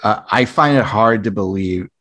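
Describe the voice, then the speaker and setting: A man's voice: lowish voice, moderate pace, a bit bright. A man co-hosting a casual panel chat, speaking hesitantly and carefully with fillers. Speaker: podcast co-host.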